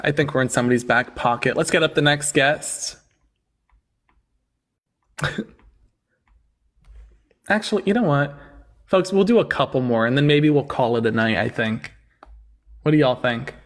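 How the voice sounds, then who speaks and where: A man's voice: mid-range voice, normal speed, long pauses, a bit bright. A man hosting a livestream debate, sarcastic and mocking as he talks down to callers.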